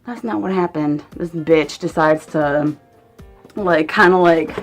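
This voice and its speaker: Rambling young woman telling a story, low voice. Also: a little slow, dull audio, faint music behind. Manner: rambling, heavy use of "like", swears freely. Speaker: vlogger. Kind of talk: casual storytime.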